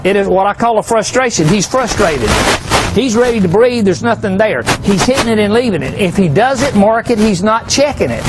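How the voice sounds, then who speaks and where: Guy with a high voice telling deer hunting stories to a crowd, folksy and jokey, little bit of noise behind him. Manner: folksy, asks the crowd rhetorical questions, joking. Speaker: hunting seminar speaker. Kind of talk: folksy storytelling talk to a live audience.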